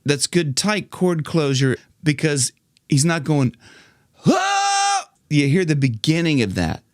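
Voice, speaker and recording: A jokey American man from Ohio coaches singing, talking slowly with a lively, swinging pitch. He keeps breaking into high belted demo phrases, all recorded dry and close. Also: no room sound. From Ohio, United States. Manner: playful, jokey, demonstrates lines in a high belt. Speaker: vocal coach. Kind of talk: singing tutorial.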